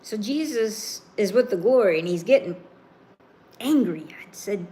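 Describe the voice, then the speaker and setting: A woman preaching a sermon, reading scripture and then explaining it in a slow, emphatic, informal way. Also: medium pitch, expressive, mellow.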